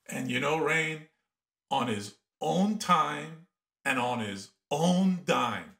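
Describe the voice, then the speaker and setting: A middle-aged man from Iran, a podcast guest telling stories from his life in an animated, emphatic way. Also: a little high, takes it slowly, creaky. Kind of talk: storytelling in an interview.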